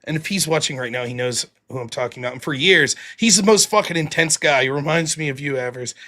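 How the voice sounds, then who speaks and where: A man hosting a casual live stream, reading out donations and telling stories, excitable, with sudden loud bursts between mumbled asides. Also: on the high side, quick pace. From United States. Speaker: stream host.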